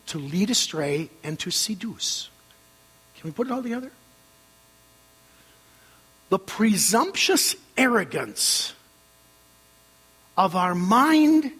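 A man's voice: high-pitched, husky. Older male pastor preaching in an echoey hall. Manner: animated preaching, leads the congregation in call-and-response. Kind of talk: sermon. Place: church sanctuary. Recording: reverberant hall with mains hum.

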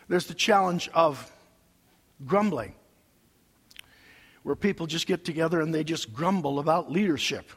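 A man's voice: sits high, fairly bright tone, big-room sound. A male pastor preaching a sermon, emphatic and preacherly, leading his congregation in call-and-response.

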